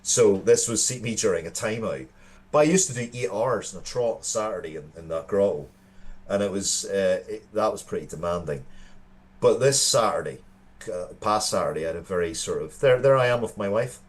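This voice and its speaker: Irish male co-host, thirties, low register, sincere storyteller. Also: normal speed. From Ireland. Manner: earnest storytelling with frequent restarts. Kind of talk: casual chat.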